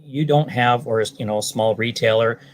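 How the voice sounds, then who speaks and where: A man's voice: medium pitch, normal speed. A man from British Columbia, a salesman, answering interview questions in a rambling way with many ums and restarts. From British Columbia, Canada. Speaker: guest, salesman.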